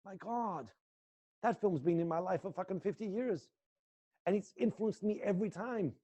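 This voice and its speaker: Middle-aged male acting coach, fairly high voice, intense and coaxing, swears freely; muffled lo-fi audio. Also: moderate pace, mellow, slightly rough. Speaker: acting teacher. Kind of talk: guided acting exercise in a live class.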